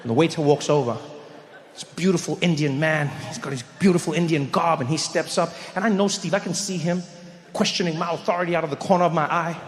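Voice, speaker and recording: Stand-up comic, animated storyteller, high voice, echoey live hall. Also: male voice, fast talker. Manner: animated, shouting punchlines. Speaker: stand-up comedian. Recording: echoey hall, loud audience ambience.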